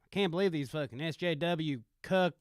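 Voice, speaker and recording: A man's voice: on the high side, normal speed, dry recording, clean studio sound, lightly acted. A man voicing an angry, swearing country redneck farmer in a put-on Southern accent. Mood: indignant. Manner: drawling, swearing, indignant.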